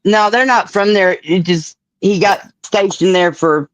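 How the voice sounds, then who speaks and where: A guest from New York chatting casually on a livestream. They joke around and ramble through drawn-out asides. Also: medium pitch, a bit bright, dry recording, highs cut off. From New York, USA. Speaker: guest on a stream.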